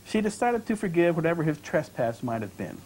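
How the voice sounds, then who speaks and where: A male author reads his own fiction aloud to an audience, measured and expressive. His voice sits a bit high and rises and falls in a lively way, with a faint hiss behind it. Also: rough recording. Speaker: author and creative writing professor. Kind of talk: literary reading.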